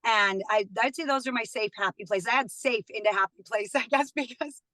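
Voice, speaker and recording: A woman's voice: on the high side, brisk, bright, forceful tone, no room sound, low-quality recording. A woman in her thirties, a studio guest, chatting casually and laughing often as she tells personal stories. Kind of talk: casual chat.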